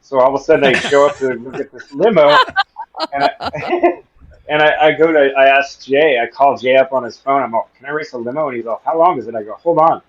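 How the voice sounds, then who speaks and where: A man's voice: medium pitch, brisk, muffled recording. A man on a podcast telling funny stories in a casual way, acting out the people in them and laughing often. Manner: animated, acts out dialogue, laughs often. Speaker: podcast guest. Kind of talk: casual storytelling.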